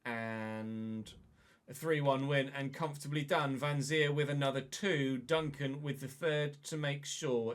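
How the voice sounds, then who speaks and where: A man commenting casually on his own football video game career, chatty and excitable, with mild swearing. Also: medium pitch. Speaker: gaming YouTuber.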